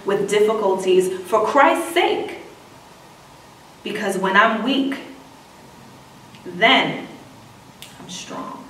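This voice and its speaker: A woman preaching a sermon, reading scripture slowly and emphatically, then breaking into casual slang asides. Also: mid-range voice, a bit bright, a little hiss or hum. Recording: echoey room, voice from a distance.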